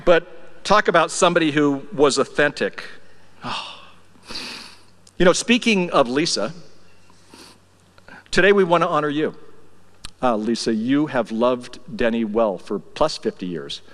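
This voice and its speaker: A man's voice: medium pitch, expressive, measured pace, long pauses. Older man, eulogy speaker, wry storyteller, reverberant church hall. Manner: storytelling, wry and affectionate, drops soft when emotional. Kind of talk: memorial tribute speech. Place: church sanctuary.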